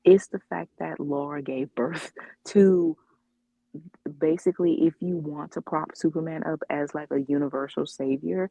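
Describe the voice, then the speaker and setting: A woman's voice: sits low, steady tone, unhurried, gravelly, mellow, no echo, low-quality recording. A woman co-hosting a casual comics podcast, talking in a rambling way with many fillers and restarts. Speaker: podcast co-host. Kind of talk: casual chat about comics.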